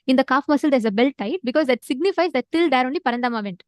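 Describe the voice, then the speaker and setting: A woman with a high voice tells a sacred story to an online class. She talks with lively energy, repeats words for emphasis and uses many filler words. The sound is dry and close. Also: very fast, no room sound. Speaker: spiritual teacher.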